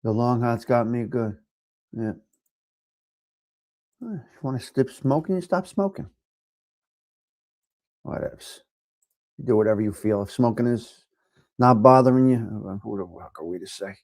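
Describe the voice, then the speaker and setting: A middle-aged man with a New York accent hosting a casual live chat, giving blunt, profane tough love to viewers and swinging from low mutters to loud outbursts. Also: animated, a little slow, long pauses, no echo, studio quality. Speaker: livestream host reading chat.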